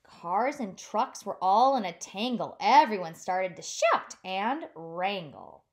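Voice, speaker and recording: A woman childcare teacher reading a picture book aloud to young children in an animated, sing-song way. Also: mid-range voice, slow.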